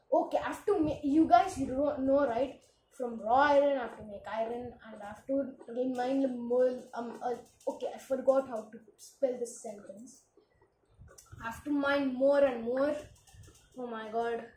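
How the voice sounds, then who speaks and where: A woman with a high voice rattles off casual commentary as she plays, jumpy and quick to exclaim. Her voice bounces around a roomy, echoey space with a faint hiss underneath. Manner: excitable, frequent exclamations. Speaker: gaming channel host.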